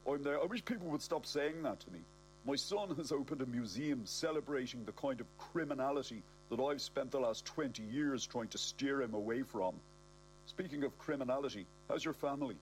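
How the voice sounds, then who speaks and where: A man's voice: mid-range voice, normal speed, a little hiss or hum, low-quality recording. A man with a South Dublin accent narrating a comic audiobook, cocky and self-mocking.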